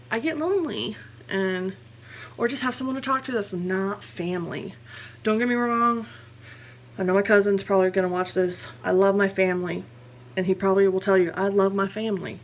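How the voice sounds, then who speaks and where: A woman's voice: medium pitch, a little hiss or hum. A young woman talks candidly in a personal vlog. She rambles and corrects herself. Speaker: vlogger.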